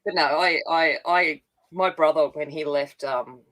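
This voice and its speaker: An Australian woman from a country town, co-hosting a casual livestream chat, talking in halting restarts and laughing often. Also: sits low, steady tone, a bit bright, rough recording. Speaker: co-host.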